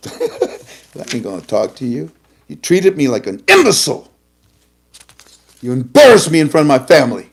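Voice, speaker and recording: Animated man telling a story. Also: medium pitch, normal speed, pauses often, husky. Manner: animated storytelling, acts out both sides of conversations. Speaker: host. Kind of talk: casual ranting talk show.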